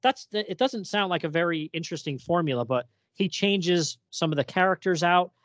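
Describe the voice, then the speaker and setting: Animated man retelling comics, dry sound. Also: high-pitched, brisk, no room sound. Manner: animated, acts out quoted dialogue in reading. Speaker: podcast co-host discussing comics. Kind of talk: casual chat.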